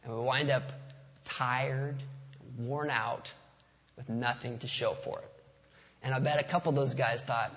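A man's voice: medium pitch, steady tone, a little slow, pauses often, a bit bright. Joking male pastor in a reverberant hall. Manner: casual, joking, conversational preaching. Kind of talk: sermon. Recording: long reverb of a large hall.

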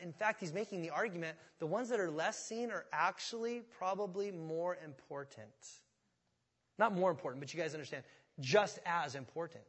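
Husky high-voiced pastor preaching. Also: male voice, big-room sound. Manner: conversational, asks the congregation questions. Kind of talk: sermon. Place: church sanctuary.

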